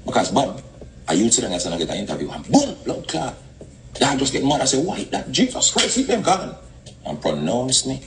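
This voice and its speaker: A man's voice: deep voice, rough recording. A man with a Jamaican accent speaking in an emphatic, scornful way, played as a clip.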